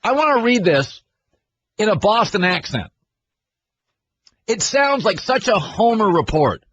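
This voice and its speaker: A man's voice: sits high, big pitch swings, measured pace, fairly bright tone, slightly rough, muffled recording. A man hosting a sports radio show, ranting and sarcastic in disbelief. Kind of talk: opinionated sports talk.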